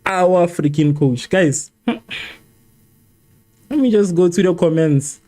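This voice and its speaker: A man's voice: high-pitched, slow pace, dark tone. Exasperated man streaming a match. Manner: exasperated, repeats himself, argues with chat. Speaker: livestream host. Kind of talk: live match watchalong reaction.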